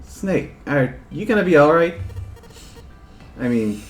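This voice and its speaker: A man reading as a brisk young lead. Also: fairly high pitch, very animated, soft background music, poor audio. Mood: earnest.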